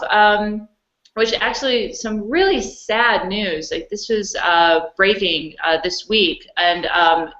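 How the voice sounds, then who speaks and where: Chatty woman host, bright voice, dull echoey video-call sound. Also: mid-range voice. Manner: chatty, laughing, rambling. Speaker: podcast host. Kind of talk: casual podcast chat.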